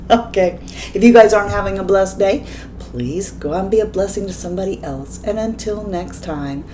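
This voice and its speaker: A woman's voice: mid-range voice, normal speed, warm tone, a little hiss or hum. Affectionate woman vlogger signing off. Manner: affectionate, teasing asides. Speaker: beauty vlogger. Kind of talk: casual channel sign-off.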